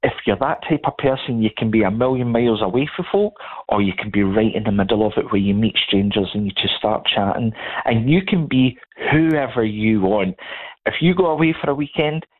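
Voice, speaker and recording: A man's voice: on the low side, a little fast. Chatty middle-aged Scottish man, phone line. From Scotland. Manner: chatty, laughs through his stories. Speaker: guest. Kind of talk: casual storytelling chat.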